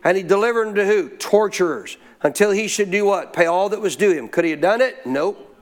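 A man teaching scripture in a folksy, informal way, prompting listeners to answer him out loud. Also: high-pitched, a little fast. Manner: call-and-response, prompts listeners to answer aloud. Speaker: Bible teacher. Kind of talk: interactive Bible teaching.

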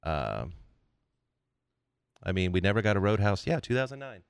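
A man's voice: fairly low pitch, sing-song, moderate pace, gravelly, smooth, no room sound. A man hosting a podcast, casually recounting movie and music trivia with enthusiasm. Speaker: podcast host. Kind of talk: casual chat.

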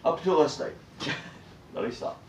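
A man's voice: unhurried, a little hiss or hum. A man chatting casually at home, telling jokey, profane stories. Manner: joking, profane storytelling. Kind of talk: casual chat. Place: apartment room. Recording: echoey room, mic far off.

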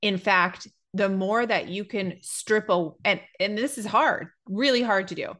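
A woman talking on a podcast as a business coach. She speaks slowly and deliberately, and she explains with thoughtful pauses in a middle-pitched voice. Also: fairly bright tone. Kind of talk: casual podcast conversation.

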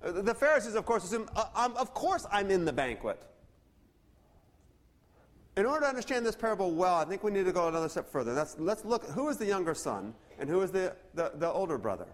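This pastor's high-pitched voice comes out animated and rapid-fire, with few pauses. Preaching earnestly, he reads scripture aloud and keeps stammering and restarting his words.

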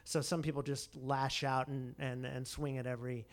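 A man's voice: medium pitch, flat delivery, normal speed. A man chatting casually, telling a story in a digressive, joking way and acting out the quotes. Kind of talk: casual chat.

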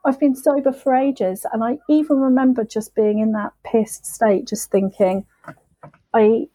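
A woman on a podcast, telling her sobriety story in a candid, emotional, halting way. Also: on the high side, steady tone, mellow, no room sound, rough recording. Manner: emotional, halting, with frequent restarts and swearing.

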